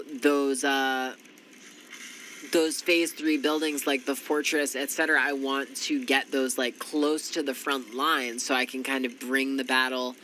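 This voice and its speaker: A man's voice: mid-range voice, bright, forceful tone, slight background noise, poor audio. A congested, tired man giving casual gameplay commentary, thinking aloud with frequent ums. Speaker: strategy game commentator.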